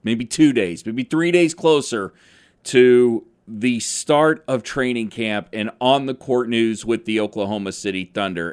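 Male sports podcast host, loose and rambling, whose tone can come off stern. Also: medium pitch. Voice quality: can sound serious, almost angry. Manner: chatty, rambling, self-deprecating. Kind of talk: casual sports podcast talk. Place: radio station studio.

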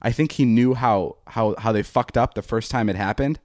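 A man's voice: mid-range voice, normal speed, dry recording, clean studio sound. A man in his twenties, a podcast host, telling a long story in casual chat, swearing often and acting out what people said. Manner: profane, animated, acts out quoted dialogue.

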